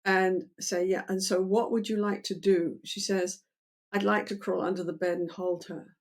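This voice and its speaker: An older woman therapist explaining her methods in an interview, animated, acting out lines of dialogue between client and therapist. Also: medium pitch, moderate pace.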